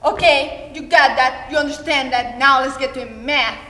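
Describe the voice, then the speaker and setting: A young woman voicing a harsh, cruel middle-aged mother who scolds with sharp contempt, in an echoey hall. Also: high-pitched, moderate pace. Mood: instructing.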